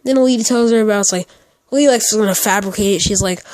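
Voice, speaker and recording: A man's voice: high-pitched, fast, no room sound. A teenage boy telling a casual storytime, rambling with lots of fillers and restarts. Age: teens. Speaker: storytime YouTuber.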